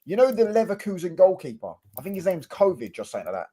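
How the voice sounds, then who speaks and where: A man, chatting on a live stream about football in quick, slangy banter. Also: high-pitched, very animated, warm tone, slightly rough. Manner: fast, slangy, keeps asking "do you know what I'm saying". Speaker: Manchester United fan co-host.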